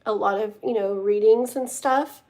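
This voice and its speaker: A woman's voice: mid-range voice, fairly even intonation, normal speed, darkish tone. A woman doing a casual live tarot reading with a tired, strained voice. She chats and rambles, and reads card meanings aloud. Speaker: tarot reader.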